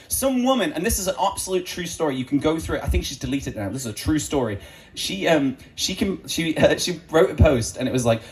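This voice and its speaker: A man's voice: mid-range voice, very animated, moderate pace, rough recording. A man doing a stand-up comedy set, joking crudely and acting out quoted voices. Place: comedy club stage before an audience.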